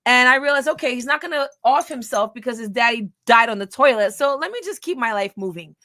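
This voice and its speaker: High-pitched woman ranting thru old texts, bright and sharp, swears a lot. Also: animated, quick pace, no echo, studio quality. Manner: blunt, profane, laughing, scornful. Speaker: vlogger. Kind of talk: casual storytelling, reading old messages.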